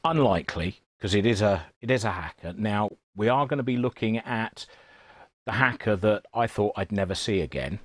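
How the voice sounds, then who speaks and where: A man's voice: fairly low pitch, animated, normal speed, no echo. A man chatting casually as a guest presenter on a live stream from a radio repair workshop, full of teasing, joking banter.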